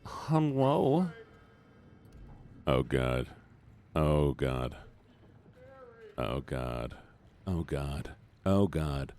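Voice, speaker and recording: A man's voice: extremely low pitch, sing-song, extremely slow, pauses often, darkish tone, faint music behind. A man streaming a game live, chatting to his viewers with playful outbursts. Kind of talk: live gameplay commentary.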